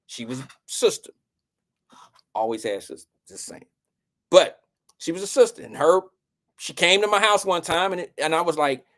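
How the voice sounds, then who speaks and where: A man's voice: on the high side, normal speed, pauses often. A young man, telling a personal story to his audience as a show host and acting out the quotes. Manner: animated, acts out quotes with raised voice.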